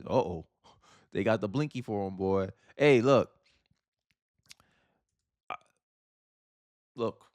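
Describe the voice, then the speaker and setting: A man's voice: lowish voice, slow pace, long pauses, a little mellow, dry recording, studio quality. A man from Florida hosting casual political commentary, talking emphatically with slang and frequent restarts.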